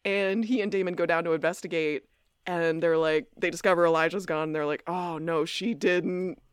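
A woman's voice: fairly low pitch, steady tone, fairly quick, clean tone, dry recording, clean studio sound. A woman co-hosting a podcast, recapping a TV episode in casual chat and acting out quotes. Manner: chatty, acts out quotes, laughs often. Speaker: podcast co-host.

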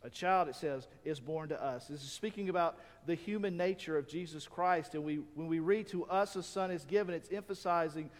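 High-pitched guy preaching a sermon, lots of repeating himself, echoey hall. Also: fairly quick, hardly any pauses. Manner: preaching with rhetorical questions and repetition. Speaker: pastor.

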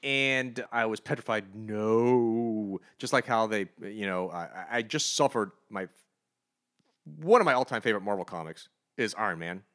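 A man co-hosting a comic book review podcast, ranting with animated, sarcastic energy. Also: lowish voice, normal speed. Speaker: podcast co-host.

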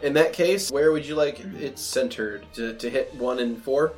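A man running a tabletop game as game master, calling rolls briskly with dry teasing. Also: mid-range voice, darkish tone, faint music behind.

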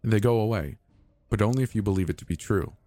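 A man voicing a gentle, patient young man who speaks softly and reassures a frightened friend. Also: fairly low pitch, fast talker, no room sound, natural voice. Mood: explaining. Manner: soft, patient, quietly encouraging.

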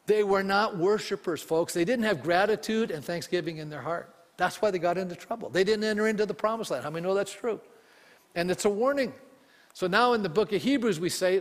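High-voiced man preaching in a hall. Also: animated, normal speed. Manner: emphatic, asks the congregation questions. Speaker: pastor. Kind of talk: sermon.

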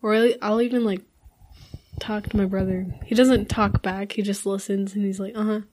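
A woman's voice: mid-range voice, steady tone, moderate pace, darkish tone, slight background noise. A young woman in a casual group conversation, telling personal stories in a rambling way with many fillers. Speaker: group chat participant.

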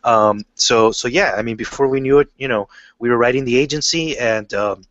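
A comic book writer chats casually in an interview about his writing, telling relaxed, loose stories full of fillers and restarts. His mid-range voice moves briskly, and the recording is dry and muffled.

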